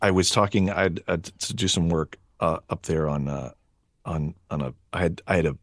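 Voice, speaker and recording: A man in his fifties, a voice actor guest on a podcast, telling animated stories in casual chat. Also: low voice, normal speed, no room sound, studio quality. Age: 50s. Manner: animated storyteller, acts out others' voices.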